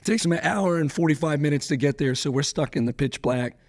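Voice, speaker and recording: A young man with a loose, animated way of talking, swearing freely and laughing often as a podcast guest. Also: on the high side, fairly quick, no room sound, clean studio sound. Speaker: record-setting drag racer, guest. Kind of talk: casual storytelling.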